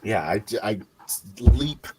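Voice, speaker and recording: A low-voiced man describes his character's moves at a game table. He stops and starts, with a faint hiss and clicks on his line. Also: lively intonation, slow pace. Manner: hesitant, full of restarts and fillers. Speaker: player.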